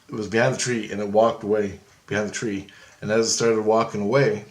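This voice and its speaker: A man telling a story in casual, rambling style, growing excited and swearing freely. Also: on the low side. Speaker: vlogger.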